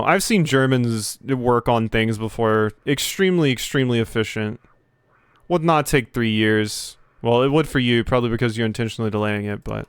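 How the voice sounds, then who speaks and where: A man hosting a casual video game playthrough, rambling and poking fun at himself. He often trips over long words. His voice is smooth and mid-pitched, picked up close on a dry mic. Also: expressive, a little slow, no echo. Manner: rambling, self-deprecating, stumbles over words. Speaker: let's play host.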